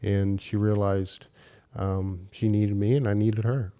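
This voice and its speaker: A man with a somewhat low voice, talking as a podcast guest. He speaks hesitantly and gently, with plenty of pauses and fillers, in a relaxed conversational way. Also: smooth. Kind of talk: casual conversation.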